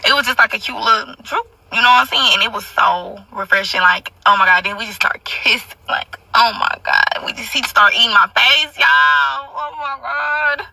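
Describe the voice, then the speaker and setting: A woman's voice: on the high side, normal speed, gravelly, few pauses, pushed and bright, no room sound, far from the mic, poor audio. A young woman telling a story in a casual monologue, brash and profane, with constant asides to her listeners.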